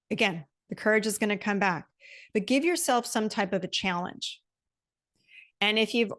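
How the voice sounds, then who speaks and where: Woman host, middle-aged, passionate solo pep talk, repeats for punch. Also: medium pitch. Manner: passionate, emphatic, repeats key phrases. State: emotional. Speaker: podcast host.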